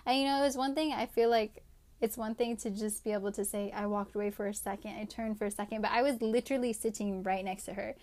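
A young woman, telling a personal story as a podcast host in a casual, faith-based way, with a steady stream of "like" and "right?". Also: mid-range voice, brisk. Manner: chatty, many fillers like "like" and "right?".

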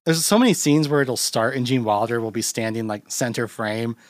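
A man's voice: mid-range voice, fairly quick, no room sound. Rambling young man chatting about films. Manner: rambling, filler-heavy, laughs often. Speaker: podcast host. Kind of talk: casual film chat.

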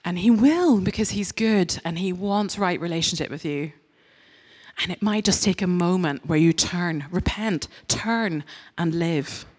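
A woman's voice: fairly low pitch, moderate pace, darkish tone, slightly rough. A woman giving a conversational sermon as a church speaker, candid and self-mocking in her stories, earnest and direct in her appeals.

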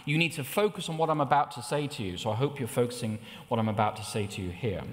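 A middle-aged man preaching a sermon, telling personal stories with lively rises in pitch. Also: quick pace. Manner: anecdotal, with animated rises in pitch. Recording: long hall reverb.

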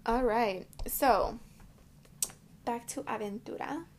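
A woman's voice: on the high side, takes it slowly, very noisy. A woman hosting a podcast in casual chat, rambling and swearing freely while getting ready at home. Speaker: podcast host. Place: indoors at home, curling hair.

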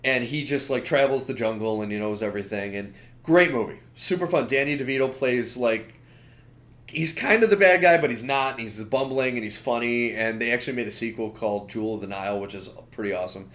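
A man's voice: medium pitch, a little fast. Opinionated man ranting in casual chat. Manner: animated, opinionated ranting with frequent asides. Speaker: podcast co-host.

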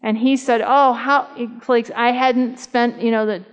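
A woman's voice: a little high, flat delivery, moderate pace, a little mellow, clean tone. A woman in her fifties giving a conversational, humorous sermon at a church camp meeting, telling stories and asking the audience questions. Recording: dull sound with long hall reverb.

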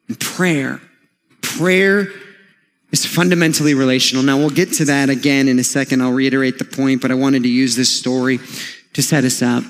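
A man's voice: medium pitch, steady tone, moderate pace. A man in his thirties preaching a sermon as a pastor, in a conversational storytelling manner with light humor. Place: church sanctuary. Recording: long church hall reverb.

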